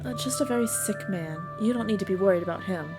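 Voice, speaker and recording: A woman's voice: medium pitch, quick pace, over music, natural voice. A woman voicing a gracious older woman who keeps a cozy herb-filled home, speaking with sweet, old-fashioned politeness. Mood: soothing. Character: gracious older woman, a small-town herbalist hostess.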